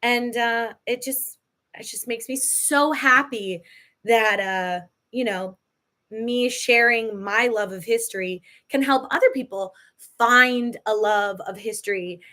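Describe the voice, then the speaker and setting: A woman's voice: on the high side, slow pace, sharp tone. A woman hosting a live podcast Q&A, chatty and emotional, laughing often as she talks. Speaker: podcast host. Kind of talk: live Q&A chat.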